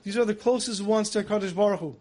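A man giving a Tisha B'Av style sermon, telling a parable and acting out the dialogue, then slowly chanting lament verses. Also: high-pitched, darkish tone. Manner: storytelling, acts out dialogue in voices. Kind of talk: sermon with storytelling.

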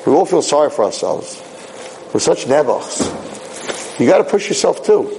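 A man giving a sermon as a rabbi, animated and conversational, repeating phrases for emphasis. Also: a little high, moderate pace, background noise.

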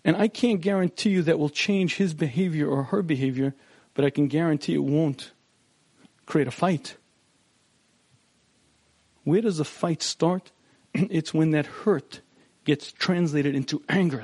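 Man, middle-aged, marriage seminar lecture, slightly high voice, clears throat often, storytelling, dry close sound. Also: unhurried, long pauses, darkish tone, dry recording. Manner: storytelling, acts out quotes. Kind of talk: lecture to couples.

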